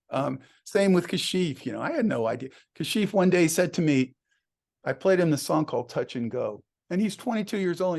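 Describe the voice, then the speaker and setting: A man's voice: fairly high pitch, gravelly, breathy edge. A man, a songwriter guest in an interview, telling anecdotes casually, laughing often and acting out the dialogue he quotes.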